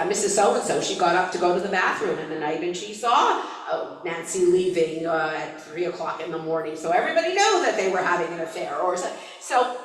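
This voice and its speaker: Lady chatting about a book, lively up and down voice, big echo, mic far away. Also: fairly low pitch. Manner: chatty and animated, many fillers. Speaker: book reviewer. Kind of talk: casual book review with read-aloud passages. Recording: very echoey room, voice from far off.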